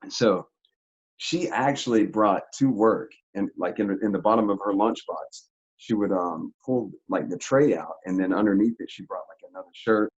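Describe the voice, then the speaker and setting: A man telling a story in an interview, in a casual, animated, slangy way with frequent laughs. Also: on the low side, normal speed, slightly rough, highs cut off. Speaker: interview guest.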